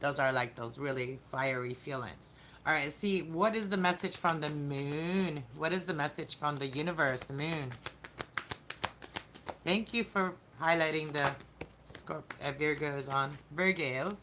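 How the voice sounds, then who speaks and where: A woman with a low-pitched voice speaks at a measured pace over background noise. She gives a casual live-streamed tarot reading, chatting with viewers and frequently restarting her sentences.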